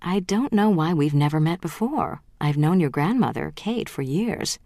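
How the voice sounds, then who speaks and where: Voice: medium pitch, animated, moderate pace, darkish tone, no echo, pitched above the performer's own voice, close to an everyday voice. An audiobook reader voicing a flirtatious man with a yacht, talking in a breezy, forward way. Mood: flirting.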